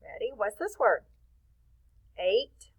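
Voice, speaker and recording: A woman's voice: fairly high pitch, expressive, unhurried, rough recording. A woman teaching a children's phonics lesson, patient and encouraging, drawing words out to show stress. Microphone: phone or webcam.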